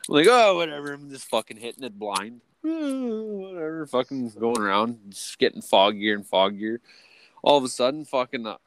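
A man's voice: medium pitch, a bit bright, no echo. A young adult man telling a rambling story with heavy swearing and lots of fillers, co-hosting a casual podcast chat. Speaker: podcast co-host.

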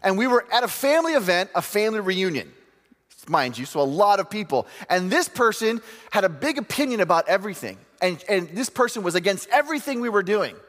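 A man's voice: high voice, very animated, a little fast, fairly bright tone, big-room sound. A man preaching a sermon, telling stories with humor and acting out quoted voices.

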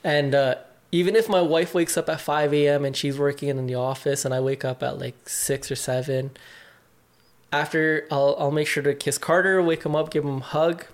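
A man's voice: fairly high pitch, steady tone, normal speed. Young guy on a podcast, candid and loose, says like a lot, cusses some. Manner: open and reflective, many "like" fillers, swears casually. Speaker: podcast guest. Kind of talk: candid conversation.

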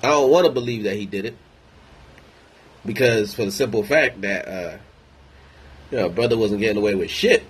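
A man's voice: fairly low pitch, lively intonation, moderate pace, long pauses, slightly rough, rough recording. A man ranting in a casual monologue, rambling, blunt and heavy on profanity. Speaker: vlogger.

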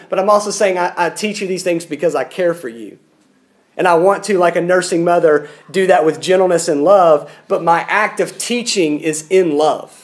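A man preaching a sermon in an earnest, pleading manner, often repeating words as he starts a thought. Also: high-pitched.

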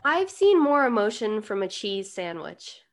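A woman's voice: medium pitch, sing-song, measured pace. A woman co-hosting a casual chat, adding jokey asides about a film. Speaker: podcast co-host. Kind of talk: casual movie recap chat.

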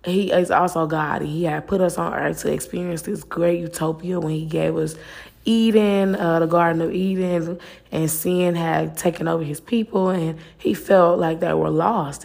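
A woman's voice: low-pitched, creaky, a little mellow. A woman hosting a faith-based talk podcast, speaking earnestly and casually, repeating phrases and filling with "like". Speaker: podcast host.

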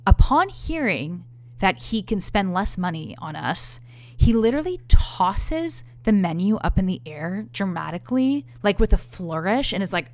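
A woman's voice: medium pitch, big pitch swings, moderate pace, no echo. A woman in her thirties telling a story to her viewers in a candid, profane, exasperated way. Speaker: vlogger. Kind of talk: casual storytelling to camera.

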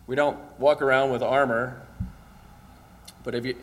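A man's voice: mid-range voice, level tone, takes it slowly. A male pastor giving a casual, conversational sermon, often asking "right?" and chuckling as he talks.

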